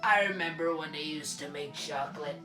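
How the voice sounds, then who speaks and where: A man's voice: a little high, a little fast, pushed and bright. A man voicing a cranky old fish grandmother with a crotchety, grumbling manner. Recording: roomy room, game music behind.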